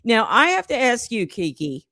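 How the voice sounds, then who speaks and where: A woman's voice: on the high side, sing-song, moderate pace, bright, forceful tone, dry recording. A woman hosting a casual gossip chat, giggling and chatty, often drifting off track. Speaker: stream host.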